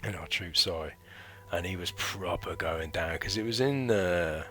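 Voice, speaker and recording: A deep-voiced man from the UK, in his thirties, looks back on his time as a recruit, telling a rambling vlog story about military training loaded with fillers and slang. He speaks at a moderate pace with a slightly bright tone over soft background music.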